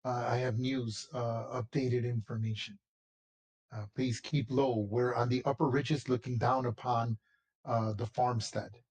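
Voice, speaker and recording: A man voicing a calm older village elder who speaks in a measured, hushed way. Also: mid-range voice, breathy edge. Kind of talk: tabletop role-play.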